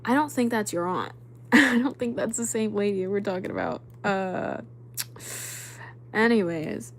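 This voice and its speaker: A woman's voice: mid-range voice, a little slow. Young woman yapping on her nightly stream, casual and chatty, lil background hum. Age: young adult. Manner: chatty, animated, drops to whispers when spooked. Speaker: livestream host. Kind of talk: casual livestream chat reading comments.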